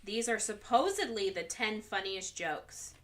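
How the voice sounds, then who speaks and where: A woman co-hosting a casual podcast chat, reading jokes from a list in a measured way. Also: medium pitch, lively intonation, fairly bright tone. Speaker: podcast co-host.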